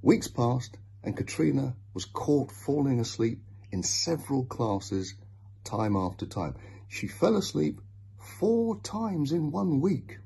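A man reading a children's devotional story and Bible verses, slow and deliberate. His voice is gravelly and deeply husky, with a mellow, dark tone and lively pitch movement. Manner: slow, expressive reading aloud.

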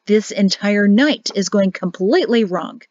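A woman voicing a stern, sharp-tongued rector's wife who talks in a brisk, scolding way. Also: mid-range voice, no room sound, lo-fi sound, lightly acted.

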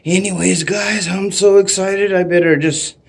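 A middle-aged man from Canada vlogging at home in a casual, excitable way, laughing often and whooping loudly. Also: high-pitched, unhurried, creaky. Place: home, indoors.

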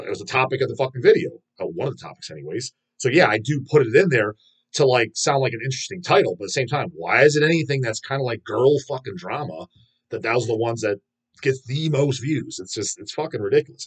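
A man's voice: medium pitch, husky. A man hosting a metal video channel, ranting in a rambling, profane and scornful way. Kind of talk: casual ranting vlog.

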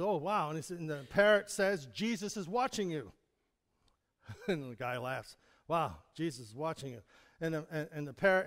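A man delivers a sermon in an easy, conversational manner, often chuckling and asking his congregation direct questions. His voice sits high for a man. A long reverb from the church sanctuary trails after his words. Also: a bit bright, clear, resonant tone. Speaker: pastor.

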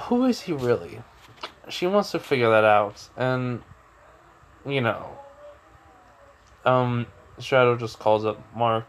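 Young guy rambling thru a fan story, bright tone, lots of like and you know. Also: mid-range voice. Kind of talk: casual retelling of a fan story.

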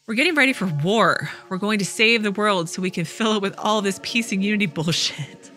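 A woman's voice: medium pitch, fairly quick, pushed and bright, faint music behind, lightly acted. A woman reading the lines of a crude, scheming thug in robes in a video game.

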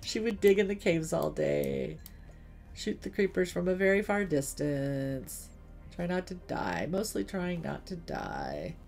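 Low gravelly-voiced woman streamer. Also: big pitch swings, a little slow, darkish tone, soft background music. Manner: chatty storytelling with asides to the game. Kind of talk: casual gaming livestream chat.

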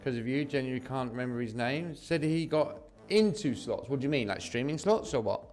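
A laid-back young man with an English accent chats with his viewers, his pitch bouncing up and down all through. Faint music plays behind him. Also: lively intonation, fairly quick, a little mellow. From southeast England. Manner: laid-back, chatty, calls viewers mate and bro. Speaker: slots streamer. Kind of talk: casual live-stream chat reading viewer messages.

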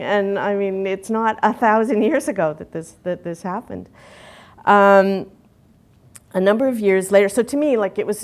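A middle-aged woman, giving a candid conference talk full of fillers and restarts. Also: medium pitch. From Canada. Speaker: conference speaker.

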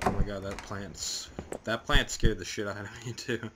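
A man's voice: on the low side, steady tone, moderate pace, heavy background noise. A young man from Canada narrating a horror game as he plays, swearing a lot and talking himself through the scares. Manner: profane, jumpy, talks himself through scares. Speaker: gaming channel host. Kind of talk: horror game let's play commentary.

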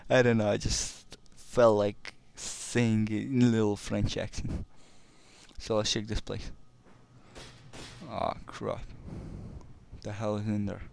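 A man's voice: fairly low pitch, little pitch movement, takes it slowly, gravelly, pauses often, darkish tone, clean tone. A man casually commenting while playing a shooter game, rambling and often restarting words. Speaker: let's play commentator.

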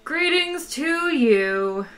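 A woman voicing an old recorded planet announcer in a storybook reading, slow, courteous and quietly threatening. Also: high-pitched, expressive, pitched above the performer's own voice, full character voice. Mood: greeting.

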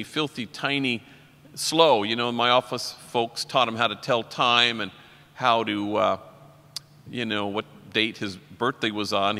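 A man's voice: medium pitch, sharp tone. A man, a priest, giving an inspirational conference talk full of stories and quotations. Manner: story-driven, quotes poets and people he works with. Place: large conference hall. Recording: long hall reverb.

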